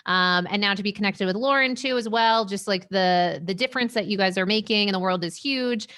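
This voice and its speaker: A woman's voice: medium pitch, brisk, fairly bright tone. A woman guest on a podcast over a remote call, enthusiastic and effusive, often saying "yes" and "oh my goodness". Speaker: guest, sleep coach. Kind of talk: casual interview.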